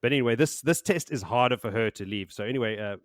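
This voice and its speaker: A man's voice: mid-range voice, fast, dry recording, clean studio sound. A man hosting a podcast, chatting casually and rambling as he recaps a book, laughing and swearing now and then. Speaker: podcast host.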